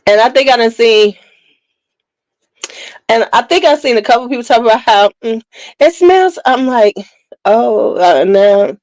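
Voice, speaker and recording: A woman casually chatting to viewers while she reviews a fragrance on a livestream, in an unhurried, talkative way. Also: a little high, no room sound, rough recording. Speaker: beauty content creator.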